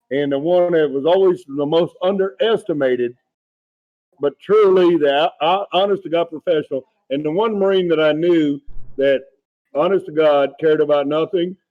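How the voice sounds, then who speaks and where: Teasing ex-Marine instructor, dull sound. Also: male voice, a little high. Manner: teasing, blunt, heartfelt about comrades. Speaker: guest, former Marine instructor. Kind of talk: casual chat.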